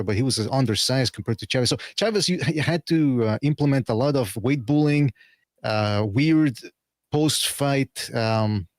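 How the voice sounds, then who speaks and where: A man's voice: medium pitch, a little mellow, no room sound. Sardonic man with a dry close mic. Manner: rambling, sardonic, blunt opinions. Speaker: podcast co-host, boxing pundit. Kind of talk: casual opinionated commentary.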